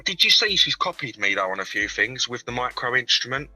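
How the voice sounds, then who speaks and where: Male caller, deadpan and sweary, very bright edge, video-call audio with faint music. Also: mid-range voice, brisk, no room sound, rough recording. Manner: sweary, deadpan, self-mocking banter. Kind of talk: casual call-in chat.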